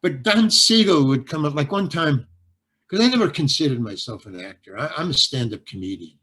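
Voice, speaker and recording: An older man, an actor and stand-up comedian, telling a story in an interview, halting and repeating words as he goes and acting out both sides of the dialogue. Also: on the high side, lively intonation, sharp tone, slightly rough.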